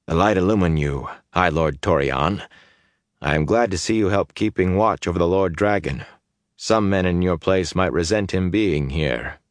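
A man's voice: sits low, normal speed, dry recording, studio quality, lightly acted. A man reading an audiobook voices a blunt young man who keeps his voice level and restrained. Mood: guarded. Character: blunt, guarded young man with yellow eyes.

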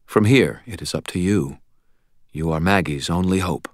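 An audiobook narrator voicing a calm, cryptic male archangel who speaks in measured, solemn pronouncements. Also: deep voice, no echo, studio quality, close to an everyday voice.

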